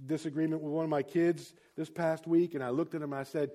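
A man's voice: a little high, flat delivery, fast, dark tone. A man preaching a sermon as a pastor, speaking in an emphatic, exhorting way.

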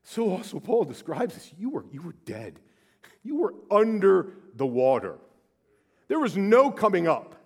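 A middle-aged male pastor preaching a sermon with passion, swinging from loud declarations to hushed, slow phrases. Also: high voice, sing-song, husky. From Southern California.

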